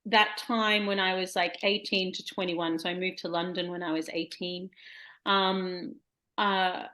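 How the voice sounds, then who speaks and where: A woman's voice: lowish voice, little pitch movement, unhurried, pushed and bright. An Australian woman in her forties, a guest poet talking reflectively in a casual podcast chat, laughing easily and restarting sentences. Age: 40s.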